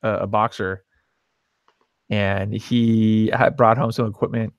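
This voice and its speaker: A man's voice: lowish voice, flat delivery, takes it slowly, no echo, muffled recording. A young man co-hosting a podcast, telling a profane anecdote casually and animatedly, quoting other people in his own voice. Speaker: podcast co-host. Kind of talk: casual storytelling chat.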